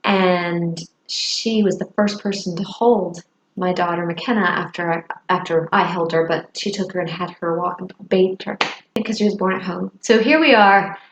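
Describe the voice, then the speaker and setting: A woman telling a personal story to the camera in a reflective, halting way, with hesitant fillers and soft laughs. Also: fairly low pitch, fairly even intonation, roomy sound, muffled recording, slight background noise. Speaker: vlogger. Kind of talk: personal confessional vlog.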